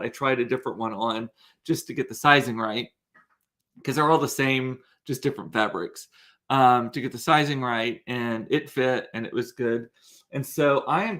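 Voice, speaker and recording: A man's voice: medium pitch, a bit bright. A young man, telling a story in a chatty, rambling vlog with plenty of fillers and restarts. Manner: chatty, rambling, with many fillers and self-corrections. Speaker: vlogger.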